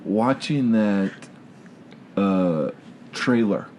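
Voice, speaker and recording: A man's voice: fairly low pitch, expressive, drawn-out words, darkish tone, slight background noise. A man hosting a casual movie chat, loose and rambling with many ums.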